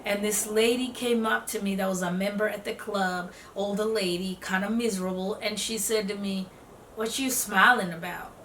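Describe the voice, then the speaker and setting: A woman giving casual self-development advice to camera, lively, acting out what other people say and laughing often. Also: mid-range voice, normal speed, hardly any pauses, a little hiss or hum. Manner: animated, acts out quotes in voices, laughs often. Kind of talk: casual motivational talk to camera. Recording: echoey room, voice a bit off-mic.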